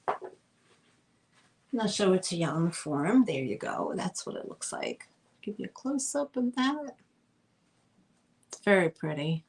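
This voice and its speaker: A woman's voice: on the low side, lively intonation, unhurried, pauses often, husky. A woman hosting a casual live-stream vintage sale, chatty and rambling with lots of fillers. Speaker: host selling vintage items.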